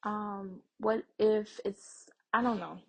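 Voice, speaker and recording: This is a young adult woman hosting a reaction video, her voice slightly husky and breathy at an ordinary middle pitch. She talks straight to her audience in a relaxed, conversational way. She muses through her theories with frequent fillers. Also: unhurried, lo-fi sound. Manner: chatty, addresses viewers directly, thinks aloud with fillers. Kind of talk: casual TV reaction commentary.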